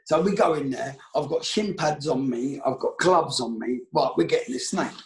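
Gravelly man telling a tale. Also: medium pitch, normal speed, a little hiss or hum. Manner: animated storyteller, swears freely. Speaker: former footballer guest. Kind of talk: casual anecdote telling.

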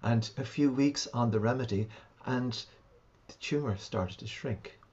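A man, a homeopath and shamanic practitioner, calmly recounting a client's sessions in an interview. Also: mid-range voice, measured pace, lo-fi sound. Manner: calm, reflective, recounts sessions at length. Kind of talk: interview storytelling.

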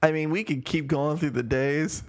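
A man's voice: fairly high pitch, normal speed, dry recording. A young man co-hosting a podcast, bantering and cracking wry jokes in casual chat. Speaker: podcast co-host.

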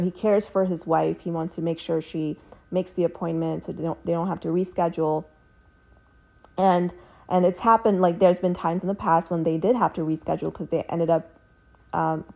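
Young adult woman, relationship coach, low-pitched, chatty, filler-heavy delivery. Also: a little mellow. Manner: conversational, many fillers like "like" and "you know". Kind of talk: casual explanatory monologue.

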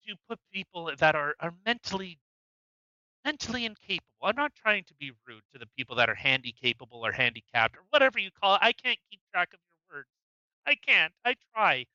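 A man's voice: sits high, very animated, brisk, bright, forceful tone, no room sound, muffled recording. A man co-hosting a podcast, ranting in a heated, profane way with many stammered restarts. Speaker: podcast co-host. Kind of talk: casual political rant.

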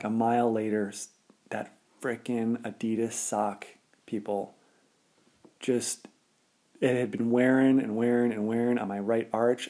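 Young adult man, easygoing storyteller, mellow middle-pitched voice, rambling chatty delivery. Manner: rambling, laid-back, heavy use of filler words. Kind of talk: casual personal storytelling.

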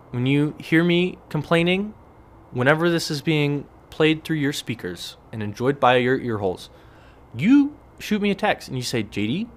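A man hosting a casual solo podcast, telling stories in a rambling, wry way and acting out what other people said. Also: on the high side. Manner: rambling, wry storytelling with lively acted-out quotes. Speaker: podcast host. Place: relaxed evening setting with a cigar and beer.

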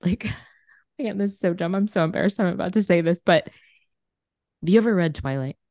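Brief: woman co-host, low voice, exclamatory and self-deprecating, dry close mic. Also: a little fast, darkish tone, dry recording. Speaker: podcast co-host. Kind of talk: casual chat.

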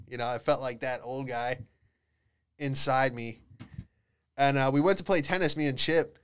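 A man's voice: mid-range voice, steady tone, moderate pace, long pauses, fairly bright tone, smooth. A young man hosting a podcast, telling rambling comedic stories in a laid-back way and acting out voices. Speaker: podcast host. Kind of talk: casual comedic monologue.

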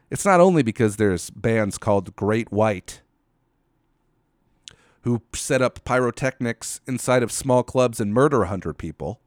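A man's voice: medium pitch, no room sound, studio quality. A man giving a solo commentary rant, profane, sardonic and incredulous.

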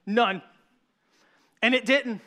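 A man's voice: very high-pitched, slow pace, sharp tone. A man in his thirties, a pastor, preaching a sermon in an earnest, conversational way with frequent restarts.

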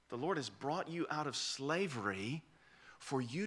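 A man's voice: mid-range voice, animated, measured pace, fairly bright tone, husky. A man preaching an expository sermon, emphatic and repeating key phrases for weight.

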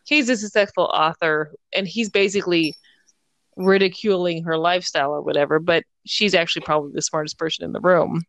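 An animated woman talks casually about a book she has been reading. She acts out the characters' lines as she goes. The sound is dry and close, with no room echo. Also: fairly low pitch, brisk. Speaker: book discussion co-host. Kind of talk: casual chat.

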